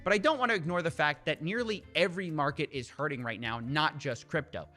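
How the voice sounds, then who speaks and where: A man's voice: on the high side, fairly quick, bright, forceful tone, soft background music. A man co-hosting a casual commentary show, wry and jokey in his delivery. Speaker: co-host.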